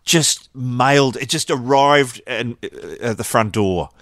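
A man on a podcast as guest, chatting casually and telling stories with quick impressions. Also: mid-range voice, no echo, studio quality. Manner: animated storytelling, mimics voices. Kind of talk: casual chat.

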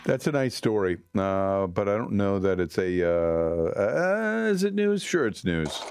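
A man's voice: low-pitched, steady tone, a little slow, a little mellow, a little hiss or hum. Dry sarcastic male radio host. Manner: dry, sarcastic, dismissive asides. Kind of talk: casual wry commentary on news clips.

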